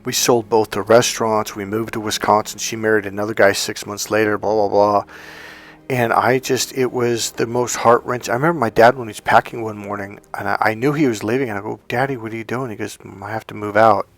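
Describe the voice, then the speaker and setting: A man's voice: fairly low pitch, fairly even intonation, a little fast. A man, a dating coach, telling a personal story in a rambling, conversational way. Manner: conversational, rambling, with many fillers and restarts.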